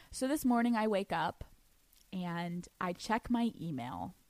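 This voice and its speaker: A young woman hosting a podcast, telling a story in a casual, animated way, swearing freely and laughing often. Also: on the high side, no room sound. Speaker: podcast host.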